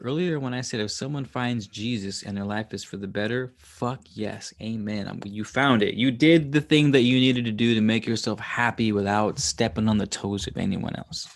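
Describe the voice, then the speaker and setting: A man's voice: lowish voice, normal speed, few pauses. A man hosting a casual livestream, reading scripture aloud and musing on it in a profane, irreverent way. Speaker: livestream host.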